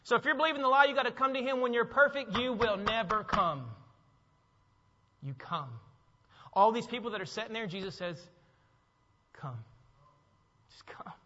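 A man's voice: very high-pitched, a little fast, bright, forceful tone, slight background noise. A man preaching a sermon as a pastor, emphatic, repeating phrases and asking the congregation questions. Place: church sanctuary. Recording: long hall reverb, dull sound.

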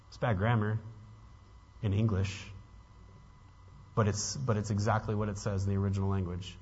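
Husky guy preaching in a big church hall, long echo, kinda dull lo-fi sound, gets real earnest. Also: on the low side, little pitch movement, moderate pace, long pauses. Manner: earnest, building to emphatic peaks; casual asides to the congregation. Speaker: pastor. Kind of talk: sermon.

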